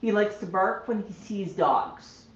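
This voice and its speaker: Streaming casually from home, a woman coos to her pet parrots in baby talk and then chats plainly with the people watching. Her medium-pitched voice keeps a measured pace, with slight background noise in a dull, roomy recording.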